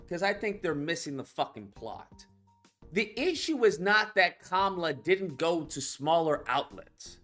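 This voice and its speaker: A man's voice: high-pitched, a bit bright. A man hosting a call-in commentary stream, ranting bluntly and swearing heavily. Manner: profane, blunt, exasperated ranting. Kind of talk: casual political commentary.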